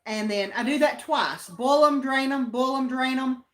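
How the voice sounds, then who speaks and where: A woman's voice: sits high, moderate pace. A woman with an Appalachian accent co-hosting a livestream, chatting in a homey, folksy way and reading viewer comments. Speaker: livestream co-host. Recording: roomy echo.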